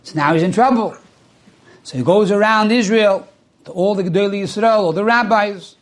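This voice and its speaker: High-voiced man telling an animated religious story. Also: normal speed. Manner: animated, acts out quoted speech with swings in pitch; uses Hebrew and Yiddish religious terms. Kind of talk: storytelling sermon.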